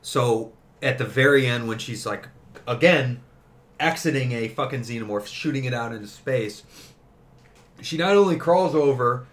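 A man co-hosting a podcast in casual chat, excitable, swearing often and saying "dude". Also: medium pitch, moderate pace.

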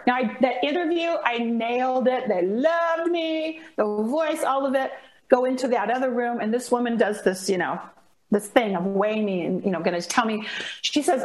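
A woman's voice: sits high, moderate pace, roomy sound. A woman, a voice coach, telling a story in a casual chat and acting out the people in it. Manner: expressive, acts out dialogue in the story. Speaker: guest, voice coach.

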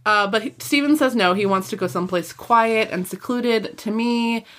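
A woman co-hosting a podcast, chatting casually about a book and retelling its plot in an animated, chatty way. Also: fairly high pitch, moderate pace. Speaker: podcast co-host.

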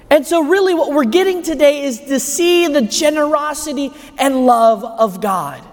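A man preaching a homily at Mass, emphatic and full of rhetorical questions. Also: very high voice. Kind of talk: sermon. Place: large church. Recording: echoey church hall.

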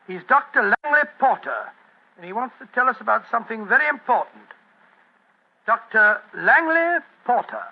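An actor playing a bluff, good-natured doctor companion with a hearty manner in 1940s radio style. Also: male voice, very high voice, big pitch swings, moderate pace, gravelly, heavily acted. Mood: genial. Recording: dull lo-fi 1940s radio recording.

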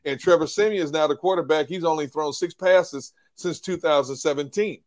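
Animated male sports analyst, higher voice. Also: a little fast. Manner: animated, repeats words, quotes others. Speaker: post-game show analyst. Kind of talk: casual sports talk.

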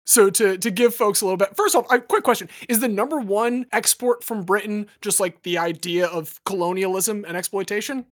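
A man's voice: sits high, fairly quick, hardly any pauses. A man hosting a casual sports podcast, upbeat and jokey. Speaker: podcast host.

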